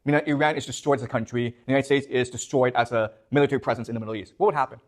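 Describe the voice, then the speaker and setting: This classroom lecturer races through his material in a mid-range voice whose intonation stays fairly even. He asks his students questions and repeatedly checks on them with "okay? you understand?"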